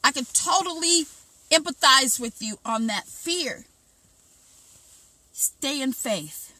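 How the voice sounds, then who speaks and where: A middle-aged woman with a high, bright voice, recounting a story to her viewers. She talks in an animated, chatty way, repeating herself and acting out her own thoughts. The sound is close and dry. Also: takes it slowly, no echo. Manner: animated, retells events with lots of quoted self-talk and repetition. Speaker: vlogger. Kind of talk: casual personal storytelling to viewers.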